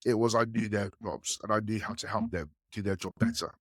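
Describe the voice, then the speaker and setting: Brisk and slightly rough, his voice comes through with studio quality and no echo. In a relaxed podcast, he recounts enterprise sales stories animatedly, raising his pitch to play the people he quotes.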